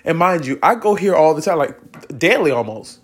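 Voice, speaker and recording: A young male vlogger earnestly recounts a spiritual experience, rambling with many restarts and growing tearful at times. His fairly high voice has lively intonation, a moderate pace and a breathy edge.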